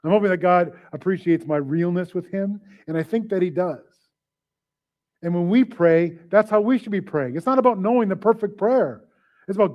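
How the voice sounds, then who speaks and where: A man's voice: high voice, moderate pace, dull audio. A man preaching a sermon as pastor, casual and joking, often acting out little voices and asides. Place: church service.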